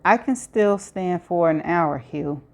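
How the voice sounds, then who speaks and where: A woman's voice: lowish voice, expressive, slow, vocal fry, heavily acted. A woman voicing an anxious pregnant young woman who calls out in breathless, pleading tones. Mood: polite.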